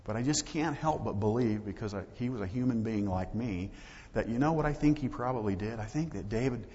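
Male pastor, low voice, conversational sermon delivery, lo-fi recording with long reverb. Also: animated, brisk, darkish tone. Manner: conversational preaching with acted-out dialogue. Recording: dull lo-fi audio with long hall reverb.

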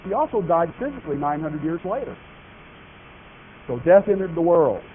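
Man, preacher, sermon, emphatic, questions to the congregation, somewhat high voice, tinny phone-like audio. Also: sing-song, normal speed. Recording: tinny phone-like broadcast audio with faint noise.

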